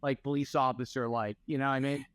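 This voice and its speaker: A man co-hosting a podcast, reacting to a story with expressive interjections. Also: mid-range voice, quick pace, smooth, dry recording. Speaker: podcast co-host. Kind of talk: casual chat.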